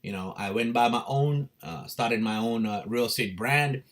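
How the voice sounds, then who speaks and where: A man's voice: mid-range voice, moderate pace. Casual man telling his own story. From India. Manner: animated, swearing, laughs often. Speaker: crypto livestream host.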